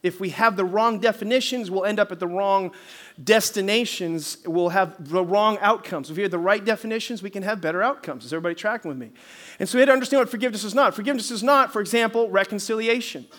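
A man pastor delivering a sermon in a lively storytelling manner, pausing to ask for amens. His voice sits high for a man and rings bright and forward. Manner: animated storytelling, calls for amens.

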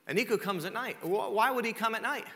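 A male pastor preaching a sermon, telling the story in an animated, conversational way with rhetorical questions. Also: sits high, fast talker. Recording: echoey hall reverb.

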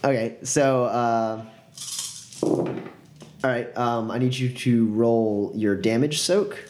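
A man narrating a tabletop game as game master, casual and halting with many fillers. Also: mid-range voice, fairly even intonation, background noise.

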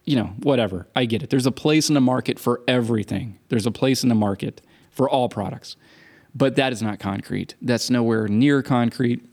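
A man's voice: medium pitch, normal speed, a little mellow. A man co-hosting a podcast in casual chat, opinionated and wry, making his points with emphasis. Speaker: podcast co-host.

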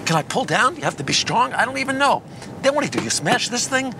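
A man's voice: very high-pitched, sing-song, fast, creaky, background noise, full character voice. An actor playing a nervous male airline passenger who stammers and rambles, in a film comedy scene. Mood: flustered.

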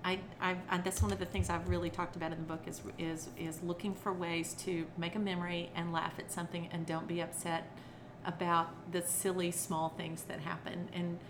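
Middle-aged woman telling lively stories. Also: lowish voice, brisk, few pauses. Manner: animated storyteller who acts out quotes. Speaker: podcast guest, children's entertainer. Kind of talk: casual interview chat. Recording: noisy background.

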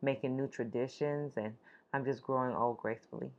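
A woman co-hosting a podcast in casual chat, playful and expressive, laughing often. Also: rumbling low, brisk, muffled recording. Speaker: podcast co-host. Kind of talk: casual chat, imagining the future.

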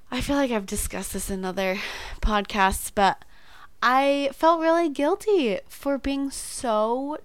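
A woman's voice: mid-range voice, clean tone, dry recording. A young woman co-hosting a podcast, speaking candidly and hesitantly, with fillers. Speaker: podcast co-host. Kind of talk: casual chat.

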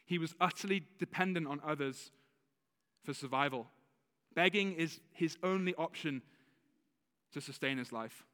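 A man's voice: a little high, moderate pace, long pauses, pushed and bright, in a large hall. Man preaching with a slight lisp. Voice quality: slight lisp on some words. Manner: conversational, with self-corrections and laughs. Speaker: pastor. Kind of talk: sermon. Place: church.

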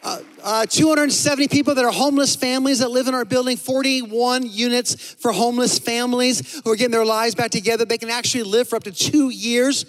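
A man preaching a sermon as a pastor, telling a story animatedly, dropping to a hush and then rising loud. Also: extremely high pitch. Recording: long hall reverb.

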